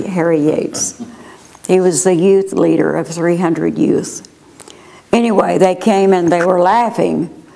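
An older woman sharing a personal testimony as an interview guest, earnest and unhurried. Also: lowish voice, vocal fry, darkish tone. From United States. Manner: slow, earnest storytelling.

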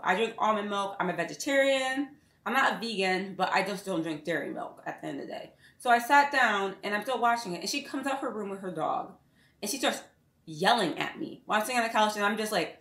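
A young woman in her twenties tells a casual storytime with sass and lively emphasis. Her voice is bright and forceful, and it rings a little in a roomy space. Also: medium pitch, fast talker. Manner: animated, sassy retelling of a feud. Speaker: vlogger. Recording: roomy echo.

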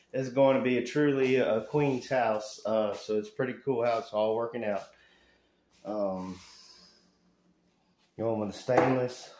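A man from Alabama, vlogging casually about his renovation work with a rambling, folksy manner that swings into loud rants. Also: medium pitch. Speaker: handyman vlogger. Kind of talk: casual vlog chat. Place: house under renovation, indoors. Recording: echoey room.

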